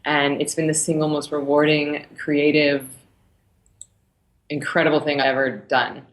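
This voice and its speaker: Guest: thirties woman, low voice, animated storyteller, recorded in echoey room. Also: measured pace. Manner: animated storyteller, laughs between phrases. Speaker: guest, meditation teacher. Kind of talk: casual interview storytelling. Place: her studio.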